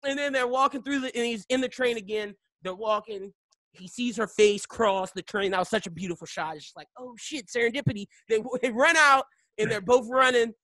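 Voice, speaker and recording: Animated high-voiced male podcast host. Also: brisk, no room sound. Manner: animated retelling of scenes, swinging loud and soft. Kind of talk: casual chat.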